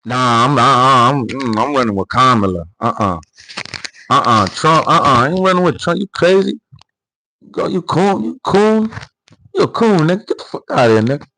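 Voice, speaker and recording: A man's voice: medium pitch, fairly quick, pushed and bright, a little hiss or hum, lightly acted, low-quality recording. A man voicing a brash, dismissive man who scoffs, stammers and curses. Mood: scoffing.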